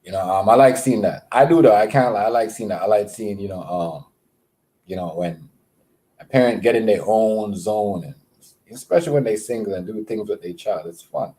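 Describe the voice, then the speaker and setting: A man hosting a casual livestream, rambling with many fillers and repeated words, giving shout-outs to viewers. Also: lowish voice, normal speed. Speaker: livestream host.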